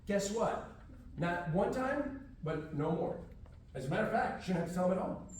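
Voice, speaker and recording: A high-voiced man teaches a martial arts class in a firm, drill-like way. He is from Houston and commands the children with short orders. The sound is roomy and distant, as if picked up by a far-off camera in a large echoing room. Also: animated, normal speed, slight background noise. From Houston, Texas. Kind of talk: teaching a class to kids and parents. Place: library room, echoey.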